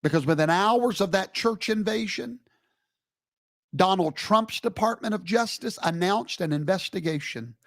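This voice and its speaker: A man's voice: sits high, unhurried, vocal fry, fairly bright tone, no room sound, clean studio sound. A man giving a live streamed commentary in an emphatic, preacherly way, scolding with rhetorical questions.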